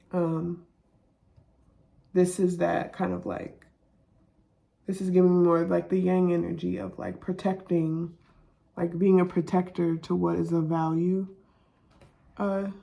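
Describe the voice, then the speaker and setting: A woman giving a reflective oracle card reading, talking softly and haltingly with many fillers. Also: lowish voice, gravelly. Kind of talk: reflective spiritual monologue.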